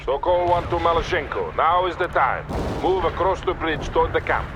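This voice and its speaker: A man's voice: on the high side, moderate pace, heavy background noise, lightly acted. A man playing a stern Soviet field commander. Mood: commanding. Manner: calm, formal radio orders. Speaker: commanding officer on radio. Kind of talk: video game voice acting. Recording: loud music under the voice.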